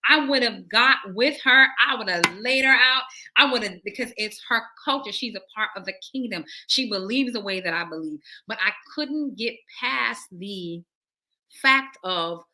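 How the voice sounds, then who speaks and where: A woman preacher telling her testimony to a livestream audience, animated and acting out the conversations as she goes. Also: medium pitch, moderate pace. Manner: animated storytelling that acts out dialogue and addresses listeners as y'all. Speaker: prophet and preacher.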